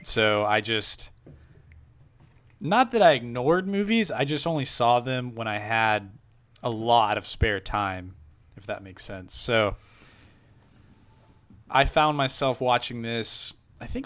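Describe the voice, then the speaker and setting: A laid-back man co-hosting a film podcast. He speaks slowly in a bright, forceful voice and rambles a little, chuckling as he goes. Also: mid-range voice, lively intonation. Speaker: podcast co-host. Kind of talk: casual podcast chat.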